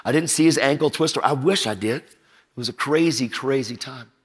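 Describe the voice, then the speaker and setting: A man's voice: medium pitch, normal speed, husky. A middle-aged man preaching a storytelling sermon, full of energy, acting out the voices in his stories and joking with the audience. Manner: energetic, acts out quoted voices, jokes with the audience.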